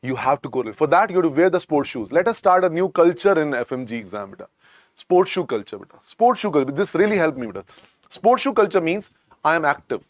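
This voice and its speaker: An Indian man lectures medical students on exam revision, coaxing them again and again as he teaches. His voice sits a little high for a man. The sound is dry and close, with no room echo. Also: lively intonation, fast talker. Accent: Indian English. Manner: repetitive, coaxing, keeps calling students "beta".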